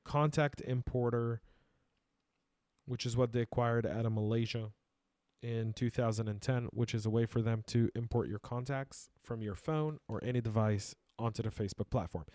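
A man's voice: medium pitch, fairly even intonation, moderate pace, darkish tone, dry recording. A man hosting his own podcast, a native Arabic speaker with a mid-range voice. He talks emphatically and casually, often restarting his sentences. The studio sound is close and dry. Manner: conversational, emphatic, with frequent restarts. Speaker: podcast host.

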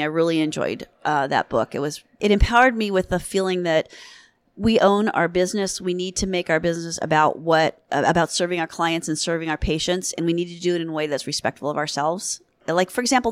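A woman's voice: lowish voice, dry recording. A woman, a veterinarian guest on a podcast, talking bluntly and candidly with casual swearing. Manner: blunt, candid, swears freely, laughs often. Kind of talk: casual interview chat.

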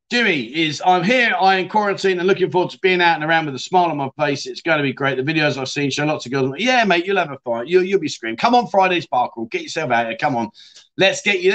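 On his casual livestream, a male host with a fairly high pitch and fairly bright tone reads viewer comments aloud and responds to them. His chatter is peppered with "mate" and the occasional swear word.

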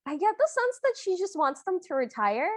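A woman with a high voice chats playfully on a podcast, often laughing and slipping into the characters she describes. The sound is dry and close-miked. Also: big pitch swings, normal speed, no room sound. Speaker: podcast co-host. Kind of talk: casual chat recapping a film.

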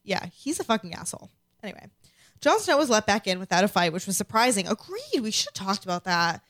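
A woman's voice: medium pitch, sing-song, fast, fairly bright tone, no echo, studio quality. A woman co-hosting a casual podcast, reading listener comments aloud and reacting with frequent laughter and swearing. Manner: chatty, swears freely, laughs often. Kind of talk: casual chat.

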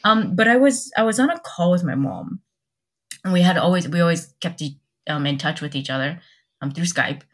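A young woman, a podcast guest, telling her story candidly in casual chat, halting and restarting, with many quoted exchanges. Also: lowish voice, fairly bright tone.

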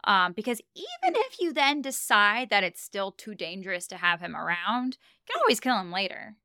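A young woman co-hosting a casual chat podcast, animated and laughing often as she retells scenes. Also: mid-range voice, moderate pace, no room sound, clean studio sound. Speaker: podcast co-host.

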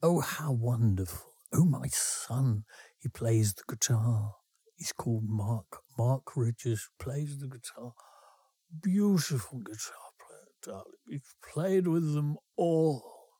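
Male comic doing gushing older landlady, tipsy, theatrical, soft mellow tone, dry close sound. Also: a bass voice, lively intonation, husky, no room sound, exaggerated voice. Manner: theatrical, drawn-out endearments.

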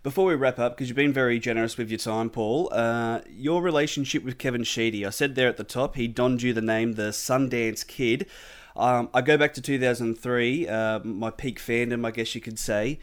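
A man hosting an interview, asking questions casually with lots of pauses and fillers. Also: mid-range voice, steady tone, clean tone. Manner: hesitant, many fillers. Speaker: podcast host.

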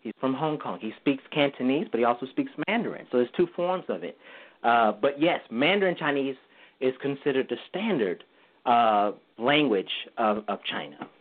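A man on a tinny phone line talks through the tones of Mandarin, singing short vowel sounds to show how each one moves. His voice sits at a middling pitch, and he laughs easily as he explains. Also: animated, normal speed. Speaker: guest language teacher. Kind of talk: casual interview explanation.

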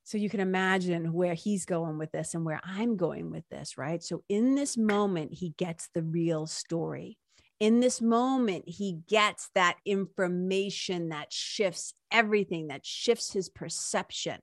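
A woman's voice: on the low side, unhurried, few pauses, no room sound, studio quality. A woman talking casually, retelling a story from a book, full of "like" and "right?" asides. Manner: chatty, lots of "like" and "right?" tag questions. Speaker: speaker retelling a book passage. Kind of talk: casual talk with read-aloud quotes.

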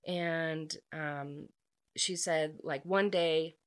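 A woman's voice: low voice, extremely slow, clean tone. A woman casually recapping a book's plot, chatty and full of asides, acting out bits of the characters' dialogue. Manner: acts out dialogue in lively quoted bits. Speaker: book reviewer.

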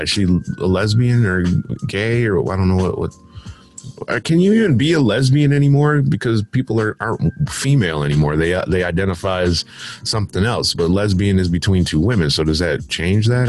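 A man's voice: deep voice, lively intonation, moderate pace. A man hosting a show, reading out celebrity headlines and tossing in dismissive, sarcastic asides. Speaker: host. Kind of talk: casual headline commentary.

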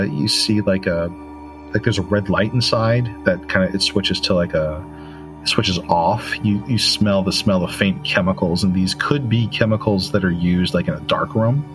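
A man narrates a tabletop game as its game master. His voice sits low, and he talks in a loose, halting way, full of fillers. Faint music plays behind him. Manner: relaxed, halting, many fillers.

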